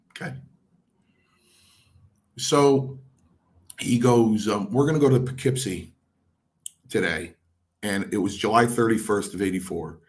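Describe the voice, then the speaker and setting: A man's voice: on the low side, a little slow, pauses often. A middle-aged man, a former wrestler, telling stories from his career and acting out what others said. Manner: acts out quotes of others, lively. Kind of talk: anecdotal storytelling.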